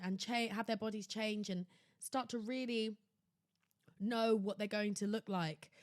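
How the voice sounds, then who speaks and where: A young woman with a fairly high, darkish-toned voice hosts her own podcast and rants about shopping with theatrical sarcasm. Recorded on a home laptop setup, this casual solo rant has clean studio sound and no room sound.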